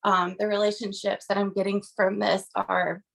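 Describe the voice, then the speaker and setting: A woman's voice: medium pitch, level tone, moderate pace, gravelly, fairly bright tone. A woman on a video call sharing a personal testimony, earnest and emotional, with many "um"s and "like"s. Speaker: team member sharing a testimony.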